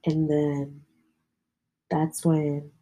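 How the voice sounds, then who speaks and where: A young woman with a low, husky voice talks casually on a podcast. Her tone is dark and mellow, and her delivery is slangy and candid, with a lot of profanity. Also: monotone, extremely slow, low-quality recording. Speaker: podcast host. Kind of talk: casual storytelling chat.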